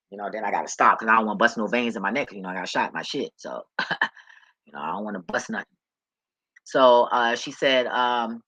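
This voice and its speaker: A woman's voice: a bass voice, pushed and bright, breathy edge, no echo. A woman vlogger telling a story in a blunt, heated, profane rant.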